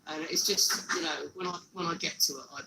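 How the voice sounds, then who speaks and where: A man's voice: fairly high pitch, fairly even intonation, fast, gravelly, heavy background noise. A man, a street evangelist who walks carrying a cross, telling his story earnestly in a casual interview and often repeating words.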